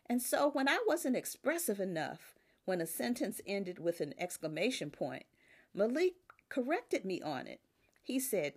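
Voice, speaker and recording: An older woman with a mid-range voice preaches a sermon emphatically. Her pitch rises on key words and drops softly as each phrase ends.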